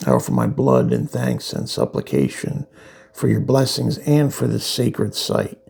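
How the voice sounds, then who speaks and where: A man reading out the lines of a determined young woman warrior-witch from a comic, in his own plain, gravelly voice. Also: very deep voice, very animated, a little slow, a little mellow, voice pushed down, exaggerated voice. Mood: solemn.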